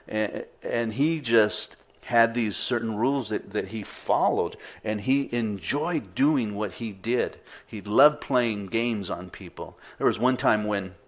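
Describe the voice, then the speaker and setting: Man, middle-aged pastor, low voice, conversational sermon, fillers and restarts. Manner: conversational, with fillers and repeated words.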